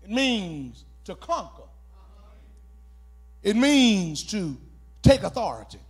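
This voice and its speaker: A pastor preaching a sermon, calling for responses and shouting key words as he repeats phrases. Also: high-pitched, very animated, takes it slowly, slightly rough.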